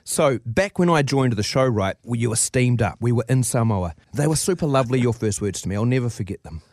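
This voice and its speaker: A man's voice: mid-range voice, expressive, fairly quick, a little mellow, dry recording. A man with a New Zealand accent, a radio co-host giving a sincere, slightly emotional tribute on air.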